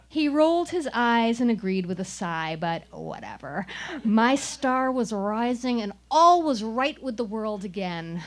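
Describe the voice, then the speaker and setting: A woman storyteller performs a personal tale at a small live venue, wry and comic with flashes of mock indignation. Her voice sits a little high for a woman. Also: big pitch swings, measured pace.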